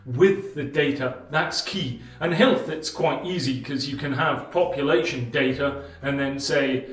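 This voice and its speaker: A man explaining a book's ideas as a host, speaking in a measured way with deliberate pauses and emphasis. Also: medium pitch, distant mic. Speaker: channel host summarizing a book. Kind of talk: explanatory book-summary monologue. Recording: roomy sound from off the mic, faint music.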